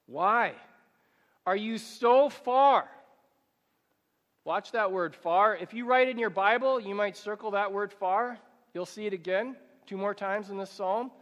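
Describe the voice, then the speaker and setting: A male pastor preaching a sermon, asking rhetorical questions and slowing down and rising in pitch when he reads scripture. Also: fairly bright tone. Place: church sanctuary. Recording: church hall with long reverb.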